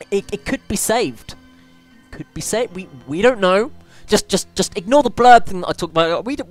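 A woman commentating over gameplay in a chatty, playful way, often breaking into panicked squeals. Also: medium pitch. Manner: excitable, squeals and panics during play; chatty, playful self-mockery. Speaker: let's play gamer.

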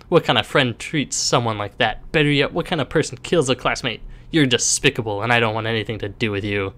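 A man's voice: mid-range voice, lively intonation, normal speed, fairly bright tone. A man commenting on a horror game he plays, reading its dialogue aloud with playful voices and wry jokes. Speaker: gaming commentator.

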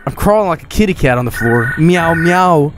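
A young man casually commenting while he plays a video game, excitable and often swearing. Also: medium pitch, fast, noisy background. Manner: excitable, swearing, laughing, reading game lines aloud. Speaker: streamer. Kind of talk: casual let's-play commentary.

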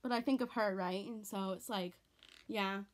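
A woman's voice: mid-range voice, fairly even intonation, normal speed. A teenage girl chatting casually in a home vlog, rambling and repeating herself in an earnest way. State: tearful, on the verge of crying. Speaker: vlogger.

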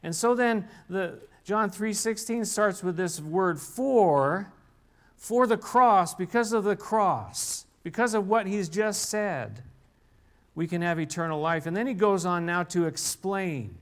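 An older man preaching a relaxed sermon in a church, conversational and halting, often restarting his sentences. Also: sits high. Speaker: pastor. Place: church sanctuary.

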